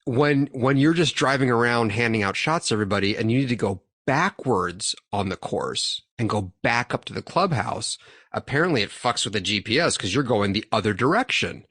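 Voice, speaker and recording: A man's voice: medium pitch, animated, brisk, a bit bright, no room sound, clean studio sound. A young man hosting a podcast, telling a rambling, profanity-laced story and laughing as he goes. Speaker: podcast host. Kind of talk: casual chat.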